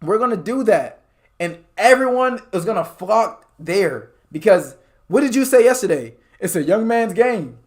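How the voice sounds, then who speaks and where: A young man debating in a rapid, insistent, argumentative way. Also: high-pitched, animated. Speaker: podcast host. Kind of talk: casual debate.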